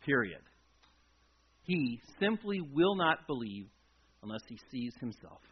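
A man preaching a sermon as a pastor, telling the story dramatically and swinging between loud emphasis and a near-hush. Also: medium pitch, big pitch swings, measured pace, slightly rough. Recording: dull lo-fi recording.

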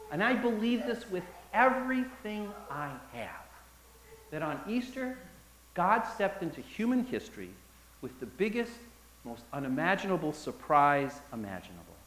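Animated pastor with a bright voice. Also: male voice, sits high. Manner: dramatic, animated, with emphatic pauses and repetition; addresses the listeners as "folks". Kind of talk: sermon. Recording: echoey room.

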